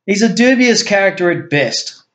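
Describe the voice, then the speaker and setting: A man's voice: high voice, animated, moderate pace, a bit bright, voice pushed up. A man voicing an earnest male agency chief in a homemade story reading, explaining things in an eager, insistent way. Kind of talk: amateur story reading with voices.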